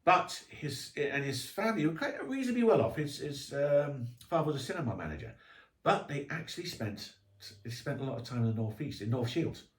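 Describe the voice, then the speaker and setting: In a podcast recording room with a roomy echo, a male guest author tells anecdotes during a chatty, casual interview. His voice is fairly high and sing-song, and he talks a little fast.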